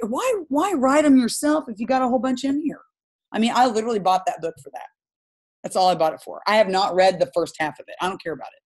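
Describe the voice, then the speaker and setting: A woman coaching a live group call, talking in an animated and direct way and laughing often. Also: mid-range voice.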